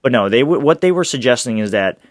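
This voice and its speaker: A man hosting a solo sports podcast, talking in an excitable, rambling way with restarts and laughs. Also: mid-range voice, quick pace, no echo, studio quality. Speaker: podcast host.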